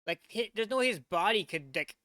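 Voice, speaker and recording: Rambling, stammering young-sounding guy with a bright, dry voice. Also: sits high, animated, fairly quick, no echo. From United States. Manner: rambling, stammering restarts, heavy use of "like"; incredulous, swearing. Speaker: VTuber reaction host. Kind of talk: casual reaction commentary.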